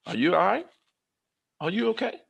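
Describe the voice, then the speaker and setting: A man plays a male wood-shop director, caught off guard and concerned, his voice pushed up high. He asks questions with bewildered disbelief. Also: big pitch swings, fast, creaky, fairly bright tone, breathy edge, lo-fi sound, exaggerated voice. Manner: high, incredulous, checking in.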